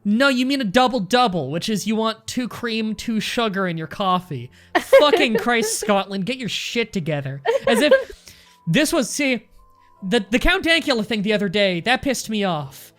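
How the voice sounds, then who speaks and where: A woman's voice: medium pitch, animated, normal speed, fairly bright tone, faint music behind. A Canadian woman commenting on a game she plays, ranting in mock outrage and swearing a lot. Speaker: let's play host. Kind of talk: casual gameplay commentary.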